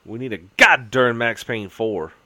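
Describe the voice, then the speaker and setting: A man on a casual gaming podcast, talking excitably and with strong emphasis. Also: medium pitch, a little slow, no room sound. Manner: excitable, emphatic, swings his voice up and down.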